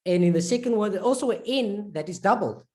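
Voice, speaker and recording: A woman teaching an online lesson, patiently repeating points, checking in with learners and slowly drawing out example words. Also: mid-range voice, animated, warm tone. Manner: slowly drawn-out word demonstrations. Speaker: Arabic reading teacher.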